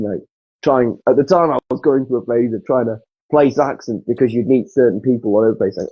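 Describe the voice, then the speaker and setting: A man's voice: mid-range voice, fast talker, slightly rough, no room sound. A man from England telling stories as a podcast guest, casual and swearing freely. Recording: dull dry lo-fi sound.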